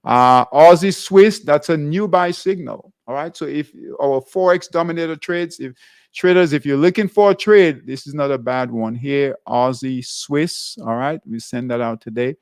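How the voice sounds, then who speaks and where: A man hosting a live trading class, stepping through currency pair charts in a halting way and filling the gaps with "all right". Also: fairly high pitch, smooth, dry recording, studio quality. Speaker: trading show host.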